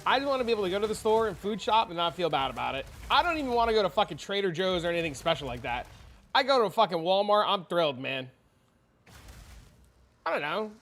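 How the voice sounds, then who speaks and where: A father of young kids chats loosely and profanely on a game stream, telling animated stories in casual livestream talk. His voice is high-pitched and a bit bright, with big pitch swings and fast delivery. There's a little hiss or hum.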